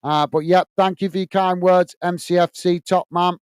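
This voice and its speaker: A man's voice: high-pitched, level tone, normal speed, clean tone, dry recording. A man hosting a casual live stream, reading viewer comments aloud and chatting with many uhs. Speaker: host reading live chat.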